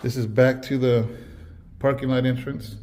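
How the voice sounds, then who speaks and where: A man's voice: medium pitch, flat delivery, moderate pace, warm tone. A man out of breath from walking, eagerly touring an empty church building and talking straight to viewers. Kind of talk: casual walkthrough vlog.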